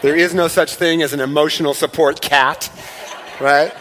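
Pastor preaching with hall reverb. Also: male voice, on the high side, steady tone, moderate pace, a bit bright, a little hiss or hum. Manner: conversational, joking with the congregation. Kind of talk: sermon. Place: church sanctuary. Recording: long hall reverb in a church.

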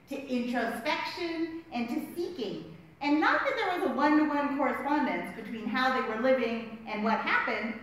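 A woman's voice: high voice, fairly bright tone. A middle-aged woman leading a women's Bible study in a chatty, self-deprecating way, with frequent asides and "right?" tags. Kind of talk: conversational Bible teaching. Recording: very echoey room.

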